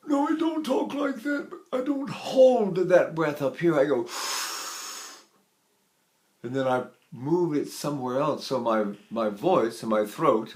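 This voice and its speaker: Elderly man teaching voice, unhurried. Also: mid-range voice. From United States. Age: 80s. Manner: unhurried, explanatory, breaks into sung and breathing demonstrations. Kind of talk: spoken vocal lesson with sung demonstrations.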